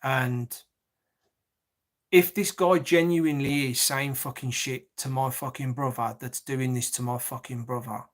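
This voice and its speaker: A man's voice: medium pitch, fairly even intonation, unhurried. A man telling a long personal story in an agitated, repetitive rant, swearing often. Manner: agitated, swears heavily, repeats himself.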